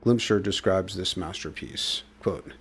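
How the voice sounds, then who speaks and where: Wry man with a gravelly low voice. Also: unhurried, fairly bright tone. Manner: wry, sardonic. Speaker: podcast host. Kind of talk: reading a scripted essay.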